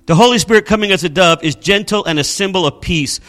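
A man's voice: high voice, fast talker, a bit bright, faint music behind. A middle-aged male pastor preaching a sermon with emphatic storytelling.

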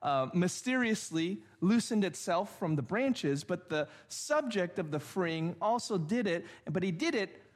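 A man with a high-pitched voice teaching a sermon. He builds his point patiently through examples, keeps asking whether the listeners follow, and restarts his sentences now and then while searching for words. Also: big pitch swings, measured pace, hardly any pauses. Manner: explains step by step with examples and frequent "all right?" checks. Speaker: pastor.

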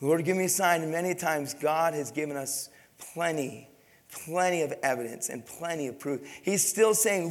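A man's voice: a little high, normal speed, long reverb tail. A man preaching a sermon as a pastor, his voice rising and falling for emphasis as he acts out scripture figures.

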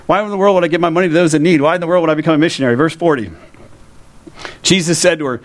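A pastor preaches to his congregation in a church. He keeps it conversational and keeps asking the listeners questions. His voice sits a bit higher than most men's. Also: lively intonation, quick pace, pauses often. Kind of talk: sermon.

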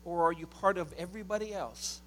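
A man preaching a sermon in a very high, bright voice. He is a middle-aged pastor who swings between fervent, shouted points and hushed, chatty stories, with a faint hum behind him. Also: fairly quick. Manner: impassioned preaching, rising to shouts, dropping to quiet storytelling.

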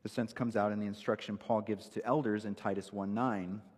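A man's voice: on the low side, steady tone, a little fast, a little mellow, husky, in a large hall. A male pastor preaching an emphatic, verse-by-verse expository sermon in a church sanctuary.

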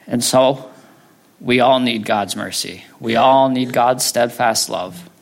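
A man preaches in a relaxed, conversational way with a gravelly edge to his mid-range voice. He checks in with his listeners between points and talks things through plainly. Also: mid-range voice, slow pace. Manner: conversational, tags lines with "right?". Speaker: pastor. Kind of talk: sermon.

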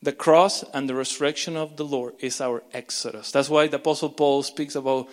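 A man preaching a sermon as pastor, impassioned, with frequent repeats and restarts, swinging between urgent loud lines and hushed ones. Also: medium pitch, fairly even intonation, fairly quick. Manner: repeats words and restarts mid-phrase. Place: church sanctuary. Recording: long reverb of a large church.

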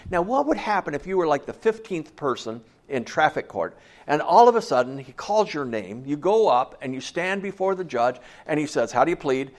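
A man preaches a sermon in an easy, conversational manner. He keeps checking in with the congregation with questions. His voice sits a touch high for a man. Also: very animated, moderate pace. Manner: conversational, asks the listeners questions. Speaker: pastor.

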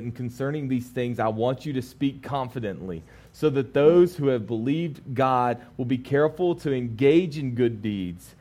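This sermon comes from a male pastor in his thirties, medium in pitch, who shifts from animated storytelling full of laughter to quiet, calm readings of scripture.

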